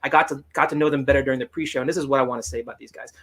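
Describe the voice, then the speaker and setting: A man hosting a podcast over a video call, talking in an animated, joking way and laughing often. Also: medium pitch, very fast, a little hiss or hum. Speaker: podcast host.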